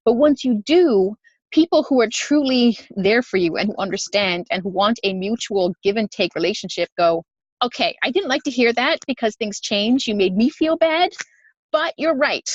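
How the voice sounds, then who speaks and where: A woman co-hosting a podcast, telling stories in an animated way with frequent laughs during a casual spiritual chat. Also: a little high, moderate pace, no echo, lo-fi sound. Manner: animated storytelling, laughs often. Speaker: podcast co-host.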